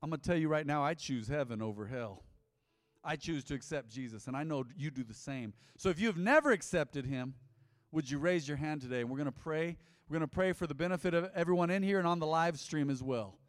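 Male pastor, emphatic sermon delivery, slightly high voice, recorded with long hall reverb. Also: animated, brisk. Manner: emphatic preaching, repeats lines, swings loud and soft. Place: large church hall.

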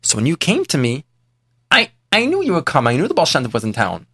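A man's voice: a little high, huge pitch swings, fairly quick, fairly bright tone, husky, no echo, clean studio sound, full character voice. A man voicing a repentant rich man who confesses his past in an earnest, plain way. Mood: confessional. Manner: earnest, confessional first-person telling. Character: repentant rich man, former priest, older.

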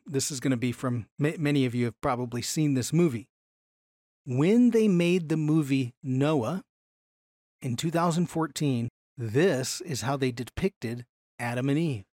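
A man teaching a Bible class from slides in an animated way, slowing down to stress key phrases. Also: mid-range voice, dry recording, clean studio sound.

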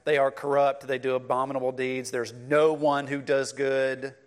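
A middle-aged man preaching a sermon in a conversational, animated way, talking directly to his congregation. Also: medium pitch, moderate pace. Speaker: pastor.

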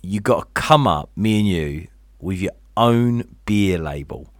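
Man, podcast co-host, animated pitch, rambling, dry sound. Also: a little slow, no room sound. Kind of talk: casual banter.

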